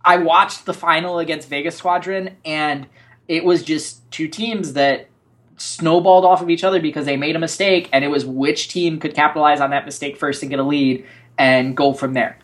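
A man co-hosting an esports analysis show, giving opinionated, animated breakdowns and acting out what players say. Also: fairly high pitch, normal speed. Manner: animated, opinionated, acts out quotes. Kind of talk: casual analysis chat.

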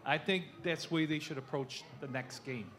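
A man's voice: on the high side, normal speed, fairly bright tone. A middle-aged man, a fan at a live show, asking a rambling question with many hesitations.

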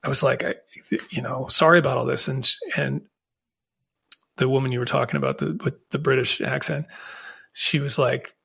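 A man's voice: mid-range voice, little pitch movement, moderate pace, gravelly, long pauses, fairly bright tone, husky. A man telling his own story as a podcast guest, in an earnest, reflective way with frequent restarts. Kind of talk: candid conversational storytelling.

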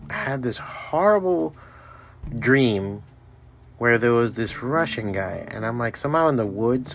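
Rambling, foul-mouthed man hosting a podcast. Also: mid-range voice. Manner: rambling, profane, loose storytelling. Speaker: podcast host. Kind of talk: casual solo podcast monologue.

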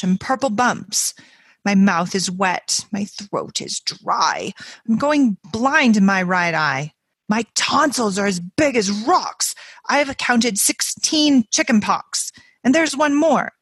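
A woman's voice: animated, takes it slowly, a bit bright, husky, no room sound, heavily acted. A woman reading a poem aloud and voicing a little girl who is faking a long list of ailments, in a melodramatic, complaining way. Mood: whiny, dramatic. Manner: breathless, melodramatic complaining that jumps high in pitch. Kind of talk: dramatic poetry reading.

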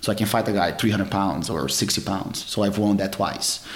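In a reverberant recording, a middle-aged man with a low voice speaks at normal speed. As a jiu-jitsu champion guest in a relaxed interview, he shares martial arts career stories, full of fillers and false starts.

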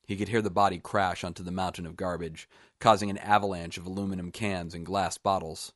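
A man with a very deep voice reads his own short story in a measured, even manner. The sound is close and dry, with no room around it. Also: no room sound.

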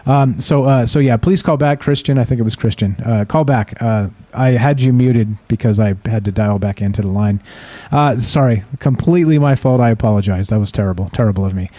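A man's voice: medium pitch, brisk, dark tone, no echo. A man hosting a live call-in radio show, talking casually and reading stories aloud, rambling with many fillers and restarts.

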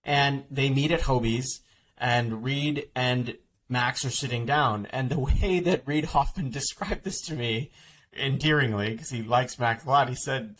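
Fast-talking rambling male author. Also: medium pitch, fairly bright tone. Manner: fast, rambling, many restarts and "like" fillers. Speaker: author guest. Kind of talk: podcast interview.

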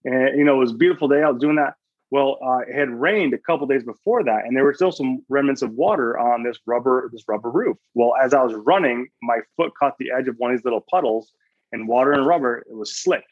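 A man's voice: medium pitch, fast, dry recording, muffled recording. A man speaking as a guest chaplain in a podcast interview, telling stories earnestly, quoting his own thoughts and often restarting his sentences.

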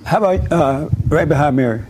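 A man's voice: fairly high pitch, brisk, noisy background. A man conducting a street interview, questioning people directly and probing.

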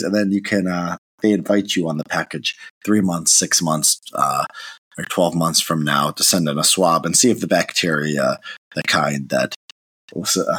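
A man's voice: low-pitched, fairly bright tone, husky, no room sound. A man with a sick-sounding voice, talking in a casual, hesitant monologue as a commentator, with many restarts and fillers. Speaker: political commentator.

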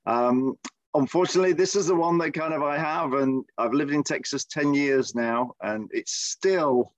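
A man's voice: a little high, moderate pace, no room sound, highs cut off. A man with an English Midlands accent co-hosting a podcast, chatting casually with lots of fillers and restarts. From Midlands, England. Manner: hesitant, many fillers and restarts. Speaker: podcast co-host. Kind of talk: casual chat. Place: lives in Texas.

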